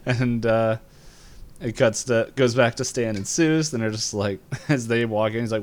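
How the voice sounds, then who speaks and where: A man co-hosting a podcast, casually retelling a cartoon episode, laughing often and jumping up in pitch to act out lines. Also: measured pace. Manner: laughs while retelling scenes, voices lines with jumps in pitch. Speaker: podcast co-host.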